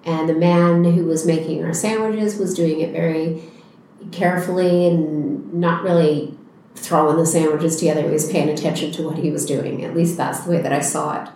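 A woman's voice: low-pitched, fairly even intonation, dark tone, slight background noise. Woman teacher recalling, very echoey room. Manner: reflective, unhurried retelling. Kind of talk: storytelling in a conversation.

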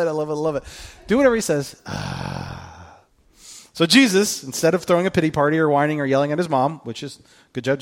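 A man preaching a sermon, telling the story in an animated way, with jokey asides and acted-out quotes. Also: a little high. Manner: acts out the quoted lines. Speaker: pastor.

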